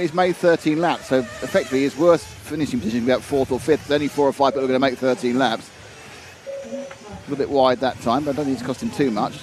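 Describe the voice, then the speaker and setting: A man's voice: medium pitch, a little mellow. A man doing live race commentary, chatty and playful, sometimes stumbling over names.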